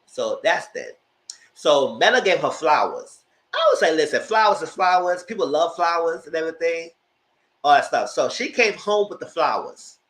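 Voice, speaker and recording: A man giving a chatty, animated recap of a TV show, talking straight to his viewers. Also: a little high, normal speed. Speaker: vlogger recapping a reality show. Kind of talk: casual commentary. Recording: roomy echo.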